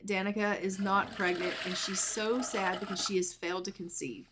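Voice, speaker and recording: A woman's voice: medium pitch, fairly even intonation, moderate pace, hardly any pauses, loud music behind the voice. A woman narrating a life-sim game in a chatty, storytelling way. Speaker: let's play narrator.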